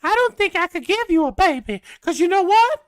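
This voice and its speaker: A man putting on a high falsetto voice to mimic a dramatic, whiny woman with a Southern US accent. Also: big pitch swings, fairly quick.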